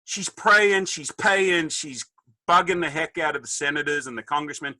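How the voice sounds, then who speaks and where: A man's voice: fairly high pitch, fairly even intonation, normal speed, sharp tone, no echo, rough recording. A man in his fifties with an Australian accent, telling a joking story as a podcast guest and acting out the people in it. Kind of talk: casual storytelling.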